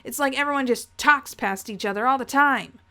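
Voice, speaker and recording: A woman's voice: high voice, moderate pace, bright, forceful tone, pitched above the performer's own voice. A woman voicing a stubborn young man who earnestly accuses his family. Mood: accusing.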